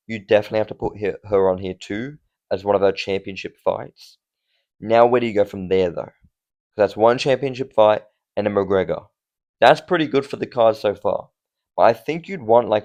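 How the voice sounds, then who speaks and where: A man's voice: fairly low pitch, darkish tone, muffled recording. A man from Australia giving a conversational solo opinion commentary on fight cards, with rhetorical questions and casual swearing. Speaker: MMA commentator.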